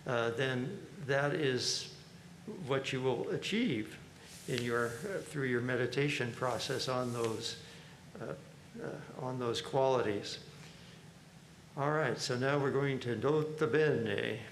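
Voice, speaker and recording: A man's voice: medium pitch, slow. Man, spiritual discussion leader, chuckling, hesitant, faint background hiss. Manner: relaxed, chuckling, hesitant with fillers. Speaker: monk leading a reading and discussion. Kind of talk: informal spiritual commentary. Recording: roomy echo, faint background noise.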